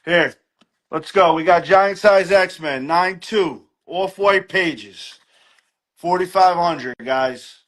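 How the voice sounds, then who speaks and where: A man with a slightly higher-than-average voice hosts a live online comic sale. He moves quickly through the stock, naming issues, grades and prices in a relaxed, offhand way. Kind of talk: live sales stream chat.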